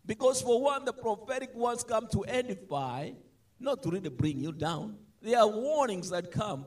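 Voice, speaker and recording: A man preaching a sermon, animated, swinging between loud emphatic lines and soft asides. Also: high voice.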